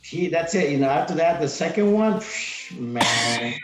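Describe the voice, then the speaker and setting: A man's voice: on the high side, expressive, a little slow, over music. Rambling middle-aged man, roomy sound. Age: 40s. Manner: rambling, full of restarts and "like". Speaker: podcast guest, retired Marine. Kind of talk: casual interview chat.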